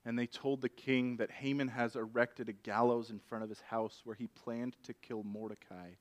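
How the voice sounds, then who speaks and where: A man preaching a sermon, retelling an old story in a lively, conversational way. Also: mid-range voice, normal speed.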